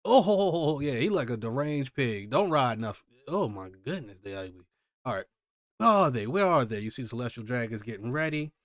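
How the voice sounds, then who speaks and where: Male streamer, mid pitch, excitable slangy reactions, dry close sound. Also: brisk, no room sound. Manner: animated, exclaiming, slangy commentary. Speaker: manga reaction host. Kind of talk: live manga reading and reaction.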